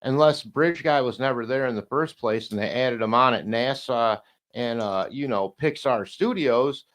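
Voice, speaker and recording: A man talking casually as a podcast guest, rambling and halting with many restarts, now and then swearing and laughing. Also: mid-range voice, a bit bright.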